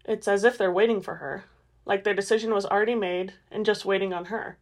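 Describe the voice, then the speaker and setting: A woman's voice: medium pitch, fairly even intonation, brisk, lightly acted. A woman voicing a haunted vampire seer who speaks hollowly, as she reads a novel aloud. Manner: hollow, distant.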